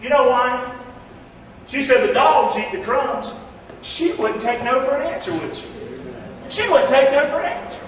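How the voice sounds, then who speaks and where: A man's voice: very high voice, lively intonation, moderate pace, pauses often. A man preaching a sermon as pastor, calling on the congregation to repeat phrases back to him. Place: church hall. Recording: echoey hall from far off, dull sound.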